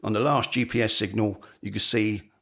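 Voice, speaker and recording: A man's voice: on the low side, fairly even intonation, a little fast, creaky, fairly bright tone. A middle-aged man telling rambling anecdotes as an interview guest, peppered with "you know". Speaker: falconer and guest. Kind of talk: anecdotal storytelling.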